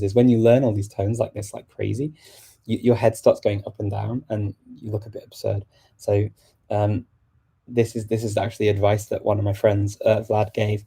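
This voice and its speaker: A man's voice: fairly low pitch, warm tone, slightly rough. A man hosting a casual live stream, answering viewer questions with many fillers and restarts. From England. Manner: hesitant, many fillers and restarts while switching languages.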